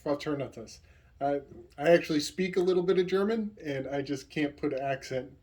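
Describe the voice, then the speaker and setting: A man's voice: on the high side, brisk, a little mellow. A man hosting his own video, speaking in a casual, rambling monologue full of hesitations, fillers and small chuckles. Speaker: video host.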